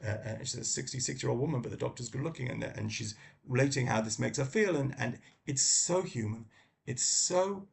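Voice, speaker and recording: A middle-aged man from London with a British accent, talking about books in a casual review, halting with many ums and restarts. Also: mid-range voice, creaky. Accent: British English. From London, England. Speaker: book vlogger. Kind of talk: casual book review talk.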